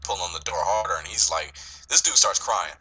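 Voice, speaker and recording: A man's voice: low-pitched, animated, brisk, pushed and bright, breathy edge, poor audio. A man casually retelling a movie scene, rambling, swearing often and laughing a lot. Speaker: movie discussion co-host. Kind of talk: casual profane chat.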